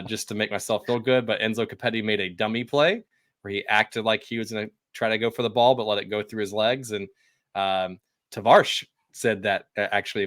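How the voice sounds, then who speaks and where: A man's voice: lowish voice, fairly bright tone, no echo, clean studio sound. A man co-hosting a soccer podcast, recapping a match in an upbeat way and asking his co-host questions, with many fillers. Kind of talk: casual sports chat.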